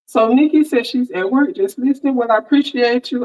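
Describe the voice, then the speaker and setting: Here a woman talks briskly at a fairly high pitch, barely pausing, her voice slightly mellow and the top end of the audio cut off. Through a headset mic she runs a casual sewing stream, warmly calling out viewers by name.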